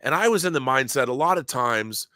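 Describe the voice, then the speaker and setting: A man telling excited, geeky stories in casual podcast chat, often acting out quotes and restarting his sentences. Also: mid-range voice, fairly quick, no room sound, studio quality. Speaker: guest, audio drama producer.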